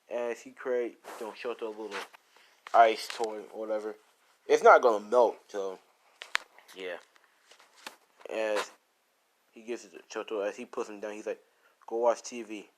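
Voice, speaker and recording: A man improvising a casual fan story, rambling with lots of "you know" and "like". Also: fairly low pitch.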